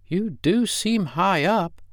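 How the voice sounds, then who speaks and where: A man's voice: lively intonation, slow, no echo, clean studio sound. A man voicing a small, curious young male mouse who is stubborn and eager. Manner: high and eager, sure of himself.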